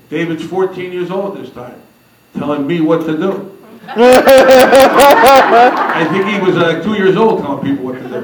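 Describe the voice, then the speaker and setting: A man's voice: mid-range voice, recorded from a distance, slight background noise. Man telling stories in an echoey hall. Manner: animated, acts out quotes. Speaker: speaker at a convention. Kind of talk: humorous storytelling speech. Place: large hall.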